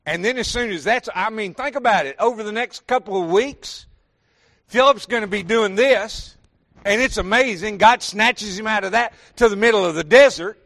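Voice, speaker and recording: Southern man, pastor, higher-pitched voice, folksy sermon delivery with direct questions to the pews. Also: moderate pace, a bit bright. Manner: folksy, addresses congregation with questions and "y'all".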